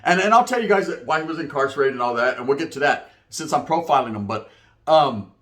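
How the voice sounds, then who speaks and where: A man telling prison stories in a casual, animated, slang-heavy way. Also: a little high. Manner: slangy, animated, rapid-fire. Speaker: storyteller recounting prison life. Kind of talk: casual storytelling.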